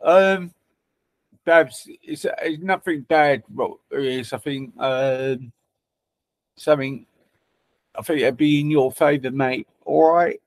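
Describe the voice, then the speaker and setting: A man's voice: mid-range voice, takes it slowly, long pauses, dry recording. A man hosting a livestream, chatting casually and teasing viewers with banter and swearing. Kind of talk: casual chat.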